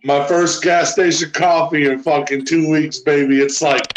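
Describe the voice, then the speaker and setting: A man's voice: a little high, steady tone, normal speed, rough recording. A man co-hosting a casual chat show, telling rowdy, profane stories. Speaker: co-host.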